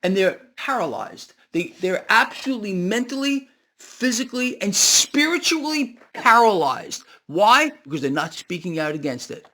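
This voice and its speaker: A man's voice: sits high, big pitch swings, moderate pace, pushed and bright. A man hosting a solo market commentary video, ranting sarcastically and firing rhetorical questions at his viewers.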